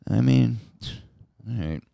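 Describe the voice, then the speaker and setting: A man's voice: medium pitch, expressive, slow, vocal fry, mellow, dry recording, clean studio sound. A man co-hosting a podcast, chatting casually with frequent swearing, laughter and stammered restarts. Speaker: podcast co-host. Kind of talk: casual chat reacting to recordings.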